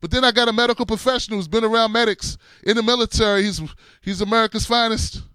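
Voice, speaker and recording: Middle-aged male host, comic storyteller, high smooth voice, dead-dry room. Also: quick pace, no echo. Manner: animated, laughs through his story, shifts between loud and hushed. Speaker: show host.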